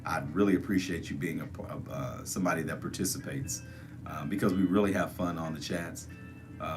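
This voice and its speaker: Livestream host, man, very low voice, chatty and pleading, soft music under. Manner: coaxing, repetitive, urging viewers to join chat. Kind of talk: casual livestream chat.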